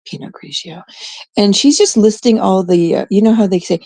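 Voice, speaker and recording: A woman's voice: mid-range voice, normal speed, dark tone, dry recording. A woman from Canada chatting in a blunt, profane, rambling way, full of fillers, telling a story as a vlogger. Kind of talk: casual storytelling rant.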